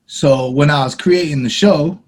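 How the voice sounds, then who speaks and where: Husky-voiced man hosting an interview. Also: a little high, a little mellow. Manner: friendly, eager, quick questions with "yo". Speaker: interview host, channel owner. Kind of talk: casual interview chat.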